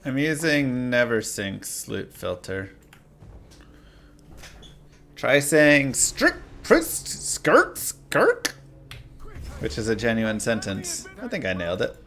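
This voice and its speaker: Gravelly excitable man streaming a game. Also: medium pitch, takes it slowly, pauses often. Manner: excitable, reacting aloud to the game. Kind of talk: live gameplay commentary.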